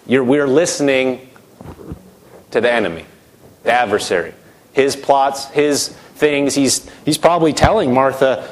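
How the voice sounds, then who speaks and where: A man's voice: medium pitch, unhurried. A middle-aged man preaching a sermon, emphatic, his voice rising and dropping sharply as he acts out quoted voices.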